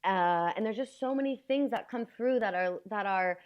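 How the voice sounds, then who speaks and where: An American woman chatting as a podcast guest, telling stories in an animated way and acting out the exchanges she describes. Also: mid-range voice, normal speed, clear, resonant tone, dull audio. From United States. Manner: animated storyteller who acts out quoted exchanges. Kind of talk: casual chat.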